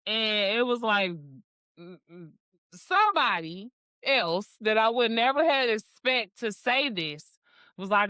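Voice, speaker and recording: A woman's voice: on the high side, expressive, takes it slowly, sharp tone, clear, resonant tone, dry recording. A woman with a Detroit accent, co-hosting a casual podcast and speaking bluntly and frankly. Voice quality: blunt, frank, swears freely. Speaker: podcast co-host.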